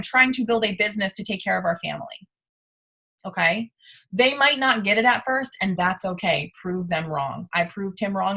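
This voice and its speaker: A woman's voice: fairly high pitch, bright, forceful tone. A woman in her thirties leading a motivational training talk on a video call, emphatic and repeating her points. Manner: emphatic, repeats for effect, keeps saying "you guys". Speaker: sales team leader.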